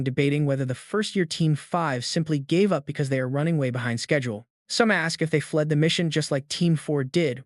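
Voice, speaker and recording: A man with a slightly high voice reads a comic story recap as scripted narration. He tells it in a dramatic, even-paced way. The recording is close and dry, with no room sound. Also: dry recording.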